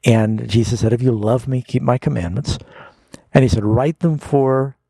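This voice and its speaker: Husky gravelly pastor answering callers. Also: male voice, mid-range voice, warm tone, dry recording. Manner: earnest explaining, slows down to read scripture aloud. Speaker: pastor and radio call-in host. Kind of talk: radio Bible call-in answers.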